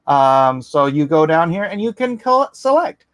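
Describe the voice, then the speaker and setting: A man hosting his own livestream, talking in an excitable, rapid-fire, rambling way and often correcting himself mid-sentence. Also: on the high side, no room sound. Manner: rambling with frequent self-corrections. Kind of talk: casual livestream sales pitch.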